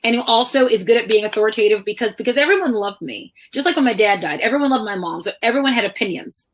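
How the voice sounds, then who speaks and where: Middle-aged woman telling stories, kinda high voice, acts out the quotes, chatty. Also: fast talker. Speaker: author guest. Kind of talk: conversational storytelling talk.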